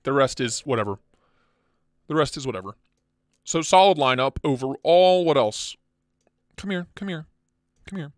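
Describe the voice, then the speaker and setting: A casual, blunt man hosting a chat stream, excitable and quick to swear, sounding tired. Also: a little high, dry recording, studio quality. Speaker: channel host.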